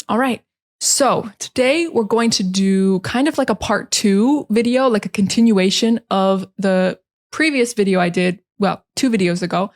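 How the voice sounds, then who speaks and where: A young woman with a standard American accent, talking calmly and close to the mic as an English teacher in a relaxed podcast style. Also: mid-range voice. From United States. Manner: calm, close to the mic, chatty with fillers. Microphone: close microphone.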